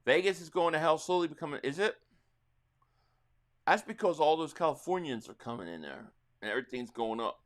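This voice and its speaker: This middle-aged New Jersey livestream host reacts to a football game in a slightly high, brisk voice that swings widely in pitch. He drifts from topic to topic while reading chat, breaking into excited calls of the plays as they happen.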